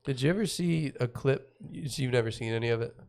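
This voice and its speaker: Brief: podcast co-host, relaxed mid-pitched man, swears freely. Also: fast talker, gravelly, soft background music. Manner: laid-back, profane, laughs often. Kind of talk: casual chat.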